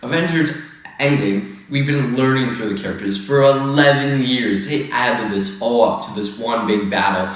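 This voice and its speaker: A man's voice: medium pitch, moderate pace. A man hosting a casual opinion rant, rambling and exasperated, with lots of filler words. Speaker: video host. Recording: echoey room, far from the mic.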